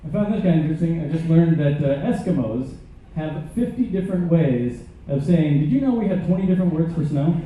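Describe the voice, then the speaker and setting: A man's voice: on the high side, expressive, fairly quick, slight background noise. Man doing stand-up in an echoey hall. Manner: absurd jokes delivered with hesitant "uh" fillers. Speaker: comedian and musician. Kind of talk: stand-up comedy. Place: large ship theater. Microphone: stage mic heard from a distant camera. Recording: echoey, distant, tinny audience recording.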